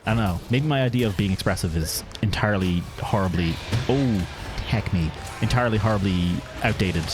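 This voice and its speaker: A male streamer chats casually over his gameplay in a low, dry, fairly monotone voice. Loud game music plays behind him as he comments offhandedly. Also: a little fast.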